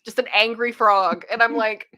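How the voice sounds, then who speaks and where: A woman's voice: a little high, fairly even intonation, moderate pace, sharp tone. A woman hosting a livestream in casual, giggly chat, reacting to a clip and talking to her viewers. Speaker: livestream host.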